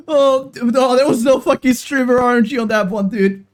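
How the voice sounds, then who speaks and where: Streaming a game live, a young adult woman speaks at normal speed with few pauses in a somewhat high voice. Her commentary is emotional and repetitive, with plenty of swearing.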